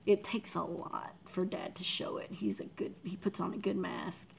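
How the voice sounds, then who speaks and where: A low, gravelly-voiced woman in her forties chats on a livestream from her desk mic, softly and with feeling. Her voice often sinks to a near whisper as she reads out viewers' names. A faint hiss sits behind her. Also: moderate pace, poor audio. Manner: emotional, talks softly, drops to near whispers; reads out and thanks viewers in chat. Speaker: livestream host. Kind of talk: casual livestream chat.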